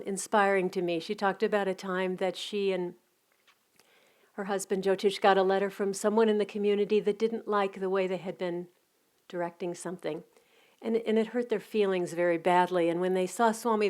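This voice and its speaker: A middle-aged woman giving a reflective spiritual talk, telling anecdotes in a gentle, unhurried way with soft restarts. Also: medium pitch. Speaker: spiritual community teacher.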